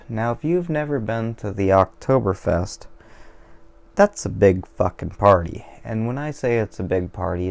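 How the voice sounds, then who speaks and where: Brief: male vlogger, deep and gravelly, loose digressive monologue, swears freely, pokes fun at himself. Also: a little mellow. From Washington State, USA. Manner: digressive, profane, self-deprecating. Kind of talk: casual rambling monologue over beer.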